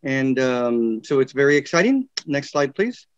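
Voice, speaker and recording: A man presenting courses in a webinar, reading descriptions with frequent fillers and pauses. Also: mid-range voice, sing-song, no room sound. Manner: halting, many fillers, reads course descriptions. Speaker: university program presenter. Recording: dull, dry lo-fi webinar audio.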